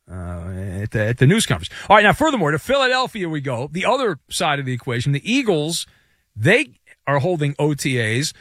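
A man's voice: on the high side, no echo. A man hosting sports radio, giving a sarcastic, joking monologue from the studio. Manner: sarcastic, joking, lively delivery.

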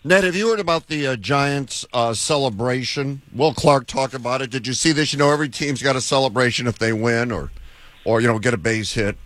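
A man hosting a sports radio show, telling a story in an animated, chuckling way. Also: mid-range voice, fairly quick, no room sound.

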